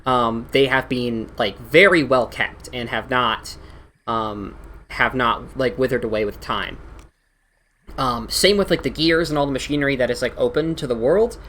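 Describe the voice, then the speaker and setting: A man's voice: medium pitch, moderate pace, sharp tone, a little hiss or hum. A man narrating as game master of a tabletop game, rambling with many fillers and restarts.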